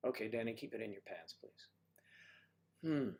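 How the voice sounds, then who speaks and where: A man's voice: on the low side, normal speed, a little mellow. A man hosting a casual livestream, reading out viewer comments and chatting, teasing and calling people honey and sweetie. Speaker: livestream host reading chat.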